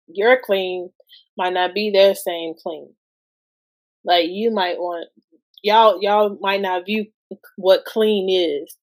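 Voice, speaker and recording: A woman, guest-hosting a podcast and talking casually about parenting, asking lots of rhetorical questions. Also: mid-range voice. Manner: slow, conversational, asks many rhetorical questions.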